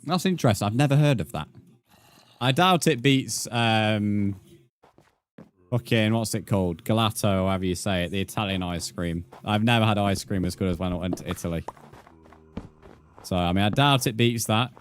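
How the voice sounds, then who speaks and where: A young man chats casually with viewers on a live stream, swearing freely and calling them mate. His voice is fairly low and he speaks at a moderate pace.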